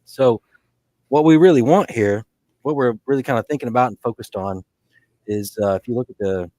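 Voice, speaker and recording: In a medium-pitched, slightly mellow voice, this co-host talks briskly through casual fantasy sports chat, rambling with lots of fillers and frequent restarts. No room sound is audible.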